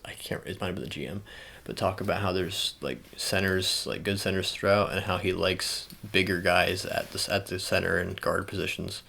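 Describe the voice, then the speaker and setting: A young man speaking in a soft ASMR style, chatting casually and rambling with many fillers and restarts. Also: deep voice, gravelly. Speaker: ASMR channel host. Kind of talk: soft-spoken ASMR sports talk.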